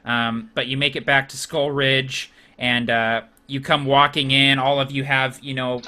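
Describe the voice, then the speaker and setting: A man's voice: medium pitch, little pitch movement, a little slow, pushed and bright. A man narrating a tabletop game as game master in a casual way, with frequent fillers and restarts.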